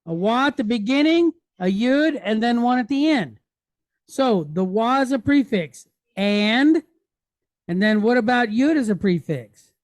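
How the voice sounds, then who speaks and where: A woman's voice: on the high side, expressive, unhurried, darkish tone, dry recording. A woman teaching a Hebrew reading lesson, patiently naming each letter and vowel point and checking in with the class as she goes. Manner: checks in with frequent "right?".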